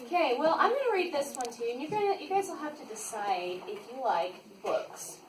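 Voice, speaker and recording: A woman reading a silly book aloud to children, playful and animated, with bursts of shouted nonsense sounds. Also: high-pitched, brisk. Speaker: read-aloud reader for children. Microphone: far from the mic. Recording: roomy echo from a distant mic, faint noise.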